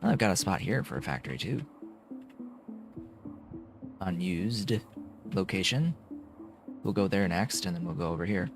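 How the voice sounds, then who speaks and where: A man's voice: low voice, lively intonation, unhurried, pauses often, music in the background. A man streaming a game, chatting playfully and sometimes cooing to his cat in a sing-song voice. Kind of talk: casual live-stream commentary.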